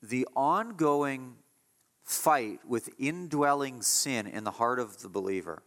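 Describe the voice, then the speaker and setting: A man preaching a sermon as pastor, emphatic, moving between hushed passages and raised declarations. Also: medium pitch, lively intonation, slow. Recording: long hall reverb.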